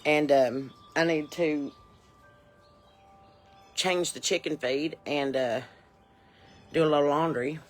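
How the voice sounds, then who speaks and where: Soft music plays behind a woman whose low, steady voice takes things slowly, with long pauses. In her forties, she improvises as a folksy, nosy Southern porch mom, drawling and rambling outdoors as a comedy character host.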